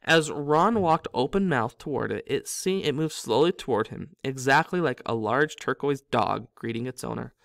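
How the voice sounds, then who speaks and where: A man's voice: mid-range voice, animated, normal speed, gravelly, hardly any pauses, fairly bright tone, no echo, clean studio sound. A man reading a novel aloud as a storyteller, with small slips that he corrects himself. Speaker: reader.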